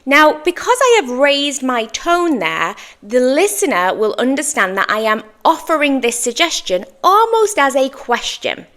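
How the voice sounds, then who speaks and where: Patient woman teaching English, lively pitch. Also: a little slow, few pauses. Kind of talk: slow, clear English lesson with repeat-after-me drills.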